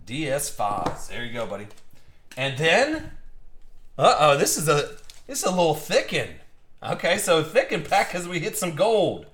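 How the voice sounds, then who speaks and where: A man's voice: fairly high pitch, huge pitch swings, measured pace, fairly bright tone, a little hiss or hum. A young man hosting a live card-opening stream, chatting casually and rambling through stories with lots of restarts. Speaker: card break host.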